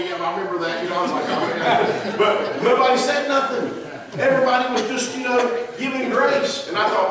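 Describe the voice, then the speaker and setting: A middle-aged man with a Southern US accent preaching a sermon as pastor, folksy and self-deprecating, rambling through asides. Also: high voice. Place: church sanctuary. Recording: very echoey church room, mic far off, faint hiss.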